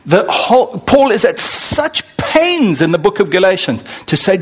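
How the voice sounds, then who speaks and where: Animated preacher, high lively voice. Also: male voice, measured pace, few pauses, slightly rough. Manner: animated, acts out voices of believers and God; asks the congregation questions and answers them. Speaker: pastor. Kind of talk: sermon.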